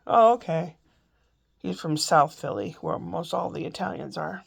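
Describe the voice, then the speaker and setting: A woman's voice: deep voice, moderate pace, vocal fry, husky. A woman vlogging from home in a meandering, chatty way, a little congested with a lingering cough. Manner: chatty, meandering, self-interrupting. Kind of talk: rambling casual chat.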